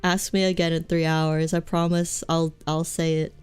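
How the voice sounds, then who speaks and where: A woman's voice: low voice, little pitch movement, moderate pace, hardly any pauses, a little mellow, clear, resonant tone, soft background music. A young woman streaming a game, chatting in a rambling, goofy, self-mocking way with many restarts. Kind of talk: live game stream chat.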